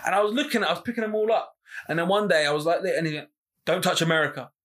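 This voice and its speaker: A man's voice: high voice, rapid-fire. A man co-hosting a casual podcast, telling stories with lots of giggling, recorded on a studio microphone. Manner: giggly, animated storytelling. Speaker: podcast co-host.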